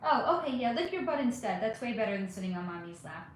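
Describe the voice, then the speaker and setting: A woman hosting a live spiritual reading stream and answering viewers' questions as they come in. She talks casually and rambles, with lots of fillers. Her voice is fairly high and rings out in a very echoey room. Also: big pitch swings, fast talker, slight background noise. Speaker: spiritual reader and channel host.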